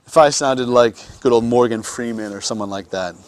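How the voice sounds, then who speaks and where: A man's voice: medium pitch, moderate pace. A man teaching anatomy in a classroom lecture, joking with students and often repeating words as he restarts.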